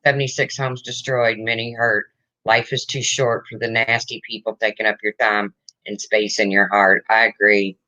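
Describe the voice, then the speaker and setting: A woman's voice: a bass voice, little pitch movement, moderate pace, bright, forceful tone, dry recording, lo-fi sound. A woman hosting a casual livestream chat, emotional and reading viewer comments aloud. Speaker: livestream host.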